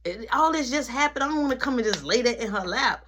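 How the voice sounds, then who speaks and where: A person telling a dramatic personal story in casual, slangy speech full of asides. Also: female voice, fairly high pitch, fast, a little hiss or hum. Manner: slangy, animated retelling with many asides.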